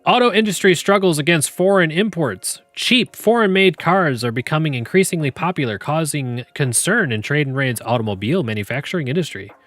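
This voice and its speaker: A man's voice: a little high, expressive, fairly quick, few pauses, fairly bright tone, dry recording, faint music behind. A man hosting a podcast, joking and laughing often as he reads game prompts aloud to his chat. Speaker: podcast host.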